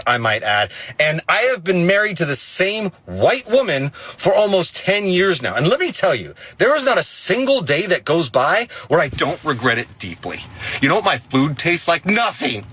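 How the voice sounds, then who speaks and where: A man ranting to camera in a comedic video, shouting and swearing in exasperation. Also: on the high side, husky.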